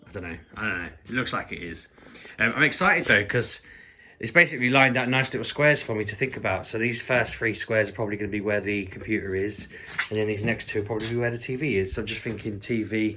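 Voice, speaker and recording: A man, chatting excitedly and rambling through a casual vlog. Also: fairly low pitch, slight background noise. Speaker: vlogger.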